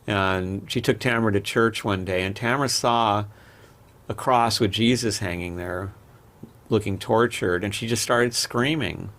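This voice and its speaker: A man's voice: fairly low pitch, measured pace, fairly bright tone. A man, a podcast guest, telling rambling personal stories in a candid, casual way with frequent restarts. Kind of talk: casual interview storytelling.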